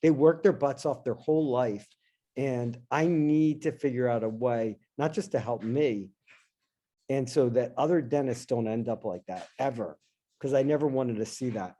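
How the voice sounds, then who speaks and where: A middle-aged man, a guest in an interview, telling a personal story in an animated, casual way and acting out his own past lines. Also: mid-range voice, moderate pace. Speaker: interview guest, dentist and investor.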